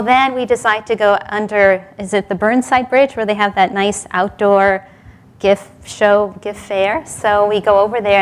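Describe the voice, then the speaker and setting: Woman telling stories at a Sunday talk. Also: medium pitch. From New York City. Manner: storytelling, chuckles between lines. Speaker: speaker at a Sunday service. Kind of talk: sermon with told stories and jokes.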